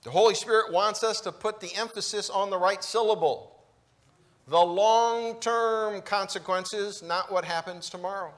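A man preaching a sermon in a church, slow and emphatic, with deliberate pauses between phrases. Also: high voice, fairly even intonation, fairly bright tone. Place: church sanctuary.

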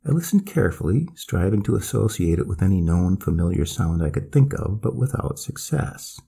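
A man narrates a bedtime story in a measured, expressive way. His voice is deep and dark with a gravelly, husky texture. The pitch moves in lively swings.

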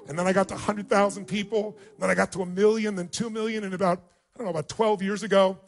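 A middle-aged man speaks in a noticeably high voice, telling a personal story to an audience. He builds emphasis and emotion as he goes and acts out what people said. His delivery is that of a motivational speaker.

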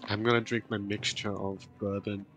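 A man's voice: fairly low pitch, level tone, normal speed, fairly bright tone, soft background music, pitched below the performer's own voice, poor audio. A man voicing a boastful hard-drinking man who brags about his liquor.

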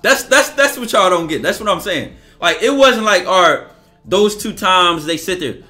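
A man's voice: high voice, expressive, normal speed, bright, forceful tone. A man talking casually and emphatically on a livestream, acting out bits of dialogue as he goes. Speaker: streamer. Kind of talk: livestream monologue.

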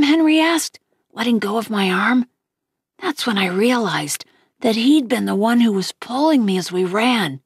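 A woman reading a novel aloud, lifting her pitch slightly for the characters' lines. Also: expressive, a little slow, breathy edge, no echo, clean studio sound. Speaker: audiobook reader.

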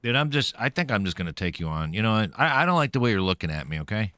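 A man's voice: on the low side, big pitch swings, fast, bright, forceful tone, dry recording. A man streaming a video game, playfully talking to himself and taunting the enemies he meets, a little caffeinated. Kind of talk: let's-play gameplay commentary.

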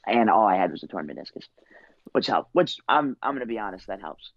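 Young male athlete guest, lowish voice, casual rambling storyteller, dry muffled podcast sound. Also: lively intonation, a little fast, no room sound. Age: 20s. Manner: loose, rambling, lots of "you know" and "like". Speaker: guest, college wrestler.

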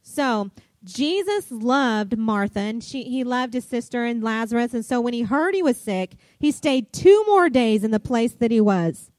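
A middle-aged woman pastor, preaching a sermon and telling a chatty, animated story full of fillers. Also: a little high, unhurried, no echo.

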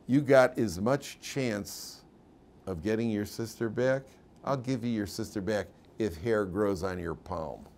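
A man's voice: on the low side, measured pace, slight background noise. A man doing a sneering cruel commandant. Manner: sneering, then shouting in a rage. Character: harsh cruel male prison commandant.

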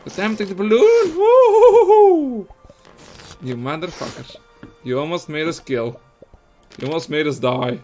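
A young Belgian man with a high, lively voice, Dutch his first language, narrating a puzzle game as he plays. He swings between muttering and shrieking, cursing often and laughing at his own mishaps. Faint game music sits under his voice. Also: a little fast. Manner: excitable, swears a lot, laughs often. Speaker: gaming streamer. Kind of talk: let's play commentary.

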